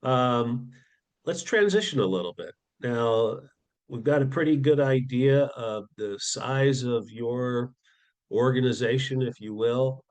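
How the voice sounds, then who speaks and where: A man hosting a business podcast, asking measured questions. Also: mid-range voice. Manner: measured, asks careful questions with fillers. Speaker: podcast host. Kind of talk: interview questions.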